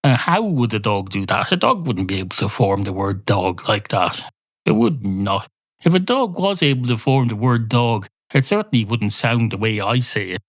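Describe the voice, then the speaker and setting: Man, deadpan solo comedy monologue, sweary rambling, dry close sound. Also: fairly low pitch, normal speed, no echo. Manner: deadpan, absurd, swears, argues with imagined listeners. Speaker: podcast host.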